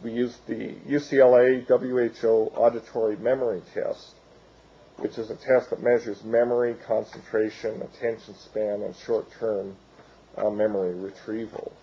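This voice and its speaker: A man losing his voice, giving an academic lecture in a halting way with many fillers and restarts. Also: lowish voice, flat delivery, lo-fi sound, slight background noise.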